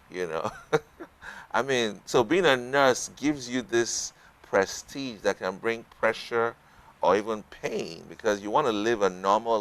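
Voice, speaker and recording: A man with a low, smooth, resonant voice hosts a local television health interview. He asks long, stacked questions and piles one onto the next before his guest answers. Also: fairly bright tone. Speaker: talk show host.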